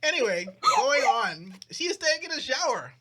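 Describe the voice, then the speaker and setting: A man's voice: very high-pitched, normal speed, very noisy. A young man co-hosting a podcast, casually recapping a plot and acting out the characters' lines. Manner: animated storyteller, acts out characters' lines, frequent restarts. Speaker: podcast co-host.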